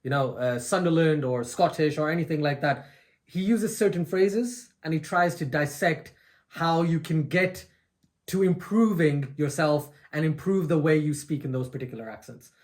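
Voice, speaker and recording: A man's voice: fairly high pitch, moderate pace, darkish tone. A man from the United Kingdom joining as a guest on a reaction video from his own home, polite and enthusiastic. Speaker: guest co-host. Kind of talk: casual chat.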